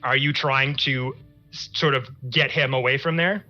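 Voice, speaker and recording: Bright-voiced man narrating a tabletop game. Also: mid-range voice, steady tone, muffled recording, soft background music. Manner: slow, drawn-out scene narration. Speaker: dungeon master.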